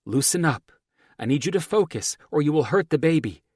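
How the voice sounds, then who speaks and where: A male audiobook narrator voicing a capable woman who takes charge, with a cool, calm, encouraging manner. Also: a little high, brisk, husky, dry recording, studio quality, pitched above the performer's own voice. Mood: coaching calmly. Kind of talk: audiobook character voice.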